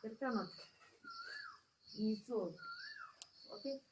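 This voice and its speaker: Indian woman teacher, slightly high voice. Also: takes it slowly, background noise. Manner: repetitive, checks understanding with questions. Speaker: schoolteacher. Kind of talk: English lesson story reading.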